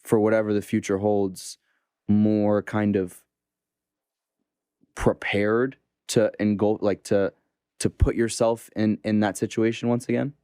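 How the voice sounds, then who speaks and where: A man hosts a casual interview in a low voice. His questions come out halting, with restarts while he searches for words. The sound is dry and close-miked. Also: level tone, dark tone, clean tone, dry recording. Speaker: podcast host.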